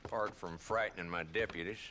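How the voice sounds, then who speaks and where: A man's voice: low voice, steady tone, fast talker, noisy background, close to an everyday voice. An actor playing a weary, dry-humored frontier lawman in a western video game, speaking in a world-weary drawl. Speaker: town marshal.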